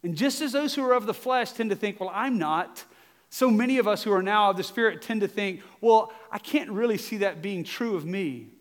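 A high-pitched man with a Southern US accent preaches earnestly to his congregation. His emphatic sermon rings through a church with a long reverb tail, broken now and then by a quick self-mocking aside. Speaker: pastor. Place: church sanctuary.

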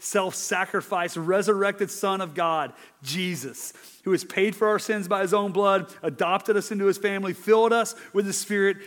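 A man, a father, preaching a sermon in a conversational, animated way, swinging from loud emphasis to hushed asides. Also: a little high, long reverb tail. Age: adult father. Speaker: pastor.

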